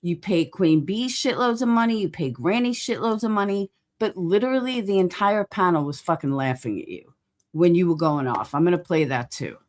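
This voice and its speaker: A woman's voice: fairly low pitch, lively intonation, normal speed, darkish tone. A woman hosting a casual commentary stream, talking bluntly and with swearing, rambling and groping for words while she greets chat viewers. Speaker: livestream host.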